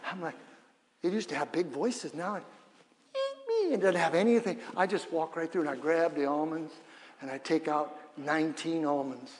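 A male pastor preaching a sermon in a church, energetic and humorous, leading the congregation in call-and-response. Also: fairly high pitch, normal speed, slight background noise. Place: church sanctuary. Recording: long reverb of a church hall.

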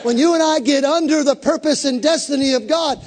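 Pastor, male, very high voice, fervent call-and-response sermon, long hall reverb. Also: brisk, a little mellow.

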